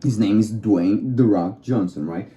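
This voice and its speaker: A man with a very dark, mellow, low-set voice, speaking English as a second language. He muses in a wandering, self-questioning way. The sound is roomy and echoey. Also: unhurried. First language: not English. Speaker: vlogger. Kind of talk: rambling solo musing. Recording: roomy echo.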